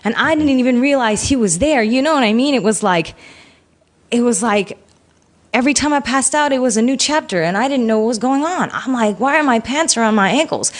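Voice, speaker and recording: In an interview, a woman tells candidly and with feeling about a painful personal experience. Her voice is fairly high and her delivery brisk, and she recounts the story in an emotional, animated way.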